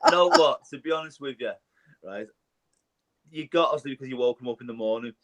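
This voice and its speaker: A man's voice: mid-range voice, brisk, a bit bright. A man, a singer who used to work as a holiday camp entertainer, chatting casually and laughing as he tells stories. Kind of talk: casual chat.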